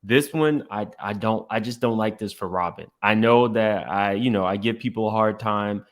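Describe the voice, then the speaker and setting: A man with a fairly low voice gives blunt, opinionated reaction commentary on podcast clips. He talks straight to his viewers and asks them to weigh in. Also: normal speed. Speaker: commentary host.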